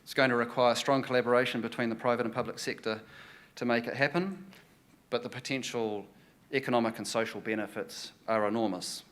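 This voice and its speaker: A man finishing a prepared conference speech in a measured, formal way. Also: medium pitch, steady tone, fairly bright tone. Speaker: conference speaker.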